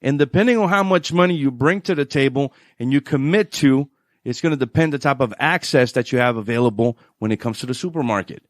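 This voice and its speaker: A man with a New Orleans accent, a financial adviser guest on a radio show, telling stories in an animated way and laughing often. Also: mid-range voice, brisk, no echo, studio quality. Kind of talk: radio interview chat.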